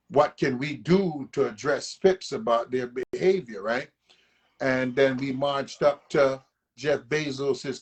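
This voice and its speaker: A man who leads a union local, speaking as a guest in a husky voice. He talks in an emphatic, rallying way and keeps checking that his listener is following. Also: mid-range voice. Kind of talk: casual conversation.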